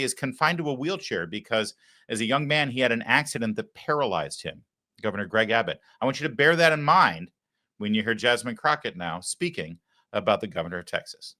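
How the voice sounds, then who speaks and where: A man's voice: medium pitch, lively intonation, brisk, bright, forceful tone. Sarcastic male political talk host. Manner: mocking, wry asides.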